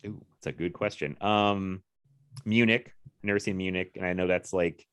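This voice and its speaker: A man's voice: low voice, steady tone, normal speed, clear, resonant tone. A man in casual chat about films, rambling with frequent laughs and the odd swear word.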